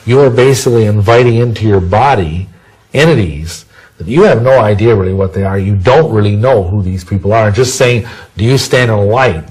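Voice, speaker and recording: A man with a low, husky voice answers interview questions at length. He rambles, restarts his sentences and throws in folksy sayings as he goes. His talk stays loose and conversational throughout. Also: brisk, darkish tone, low-quality recording. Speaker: interview guest.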